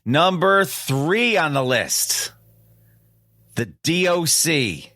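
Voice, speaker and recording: A man hosting a podcast in casual chat, playful and eager as he counts down old records. His voice sits a little high, and the sound is close and dry. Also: lively intonation, extremely slow, sharp tone, no room sound. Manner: playful, enthusiastic, quotes lyrics. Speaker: podcast host. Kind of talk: casual chat counting down hip hop albums.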